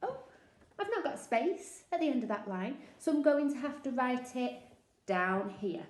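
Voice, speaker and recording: A woman with a Northern English accent teaches young children in a bright, higher voice that swoops up and down. She speaks slowly and sounds out each word with patient encouragement, and the room rings with echo. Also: animated. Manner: slow, sing-song and encouraging, sounding out words. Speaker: early years teacher. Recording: echoey room.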